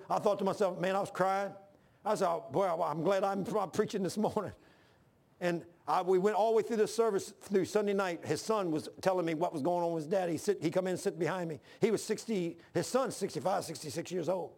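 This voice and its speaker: A man's voice: sits high, creaky, a little mellow. An older man preaching a sermon, mixing scripture with folksy, plain-spoken stories. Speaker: pastor.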